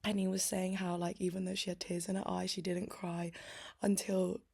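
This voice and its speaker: A woman's voice: fairly low pitch, little pitch movement, normal speed, creaky, mellow, breathy edge. A young woman talking late at night into her laptop mic, chatty and teary, laughing often and saying "like" a lot. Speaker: vlogger. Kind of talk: late-night diary vlog.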